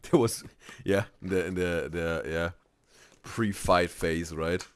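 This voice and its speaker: A man doing casual live reaction commentary, halting with many restarts, often tagging "right?" and "bro" and laughing loudly. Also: low-pitched. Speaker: reaction streamer.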